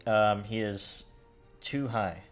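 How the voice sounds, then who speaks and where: This game master talks slowly in a lowish voice, with faint music in the background. He loosely narrates the combat and rules of a tabletop game, pausing to find his words.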